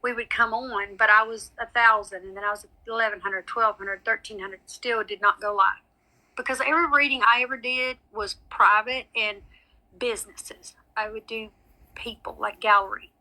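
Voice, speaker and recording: A woman's voice: a little high, steady tone, moderate pace, sharp tone, low-quality recording. A woman, chatting casually with her livestream viewers as a psychic medium, rambling on and calling them honey and sweetie.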